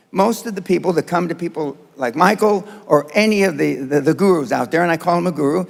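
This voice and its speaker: Long hall echo surrounds a motivational speaker in his seventies as he delivers a blunt, profane talk to a seminar audience. His voice is high and marked by vocal fry.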